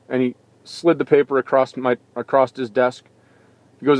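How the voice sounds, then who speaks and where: A man's voice: mid-range voice, a little fast, darkish tone, dry recording. Impassioned man ranting about college sports. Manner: impassioned, rising to indignant rhetorical questions. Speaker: sports talk show host. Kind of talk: opinion monologue.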